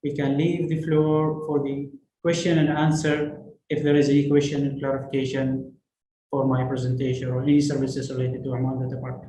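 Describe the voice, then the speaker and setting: A man's voice: medium pitch, level tone, fairly quick, dark tone. A man giving a business presentation at a conference, listing services with frequent fillers. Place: conference hall. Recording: echoey room, faint noise.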